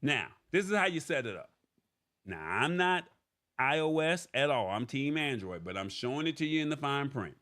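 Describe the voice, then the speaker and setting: A man's voice: medium pitch, big pitch swings, moderate pace, fairly bright tone. A man hosting a live-streamed tech news show, paraphrasing an article and explaining it step by step, often checking in with "all right?".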